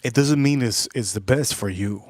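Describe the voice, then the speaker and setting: A man's voice: medium pitch, moderate pace, darkish tone, no room sound. A man hosting a livestream, telling a rambling, crude story in a casual way and repeating himself as he goes. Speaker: livestream host.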